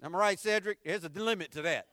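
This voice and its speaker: A middle-aged man preaching a sermon as pastor, telling stories with animation and swinging from loud punchy lines to hushed tender ones. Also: sits high, fast talker, no room sound, studio quality.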